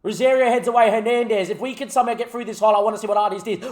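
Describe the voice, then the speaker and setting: A young man giving animated live commentary on a football management game as a gaming YouTuber, talking at the players on screen. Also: high-pitched, racing, few pauses.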